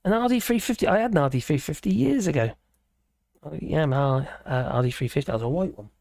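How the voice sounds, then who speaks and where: A man's voice: a little high, lively intonation, fast, vocal fry, darkish tone, dry recording. A man hosting a casual live stream, chatting in a rambling way and reacting to viewers' comments with chuckles. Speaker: livestream host.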